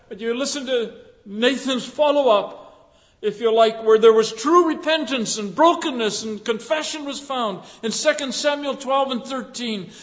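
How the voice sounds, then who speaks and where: A man preaching a sermon, fervent and emphatic, with pauses and fillers between phrases. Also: very high-pitched. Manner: fervent, rising to loud emphatic passages. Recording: echoey hall with long reverb.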